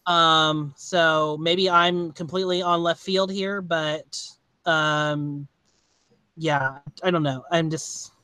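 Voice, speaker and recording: A man with a high, bright voice hosts a casual podcast chat and rambles through his thoughts, restarting sentences often. His tone is smooth and clear, recorded dry and close. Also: fairly even intonation, no room sound. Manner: rambling, halting, many restarts and fillers. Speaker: podcast host. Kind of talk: casual movie review chat.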